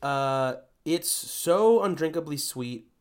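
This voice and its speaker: A man's voice: fairly high pitch, lively intonation, slow pace, clean tone. Wry, swearing podcast man. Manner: wry, profane storyteller. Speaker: podcast co-host. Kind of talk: casual comedic chat.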